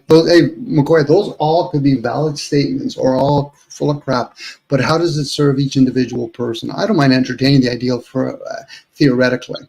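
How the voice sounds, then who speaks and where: A man's voice: mid-range voice, gravelly, darkish tone, rough recording. A man on a live online panel, reflecting at length with everyday analogies and often addressing the host. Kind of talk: casual live-stream chat.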